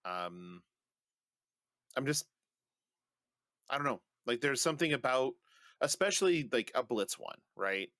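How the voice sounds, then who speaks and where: A man's voice: mid-range voice, lively intonation, unhurried, long pauses, fairly bright tone, no echo. A man co-hosting a podcast in loose, casual chat. He jokes and swears bluntly, in a mid-range voice. The sound is close and dry. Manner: joking, blunt, swears freely. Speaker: podcast co-host.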